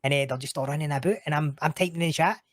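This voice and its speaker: A man's voice: on the high side, racing, no room sound, clean studio sound. A man with a Scottish accent, a guest on a casual chat show, swearing freely and laughing through his stories. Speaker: podcast guest.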